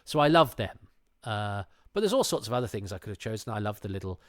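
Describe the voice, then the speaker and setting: Man, low voice, dry close mic, rambly casual podcast chat, lots of restarts. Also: big pitch swings, fast, dry recording. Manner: rambling, self-interrupting, frequent restarts. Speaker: podcast guest.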